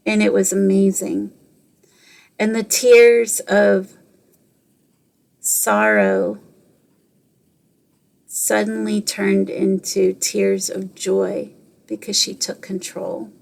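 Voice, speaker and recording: Woman, middle-aged, podcast host; earnest storyteller, flat even delivery. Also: medium pitch, vocal fry. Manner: earnest, repeats phrases, quotes others in her own voice. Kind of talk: personal storytelling and motivational talk.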